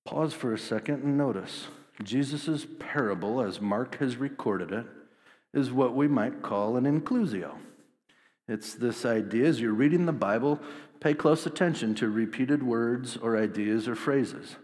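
A man's voice: mid-range voice, a little slow, a little mellow. A man preaching a sermon, explaining scripture conversationally with asides and light jokes. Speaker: pastor. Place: church sanctuary. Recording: long hall reverb.

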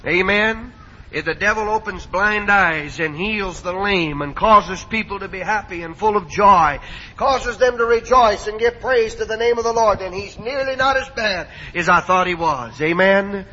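A man's voice: sits high, normal speed, sharp tone, a little hiss or hum. A middle-aged man preaching a fiery sermon, emphatic, asking his congregation for amens. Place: church hall. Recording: dull 1970s church tape in a hall.

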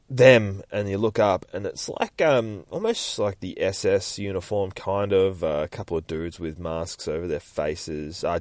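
A man's voice: low voice, dry recording. A man hosting a casual podcast, swearing freely and rambling with self-mocking laughs as he talks through a comic book, recorded on a phone. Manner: profane, rambling, laughs at himself. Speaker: podcast host.

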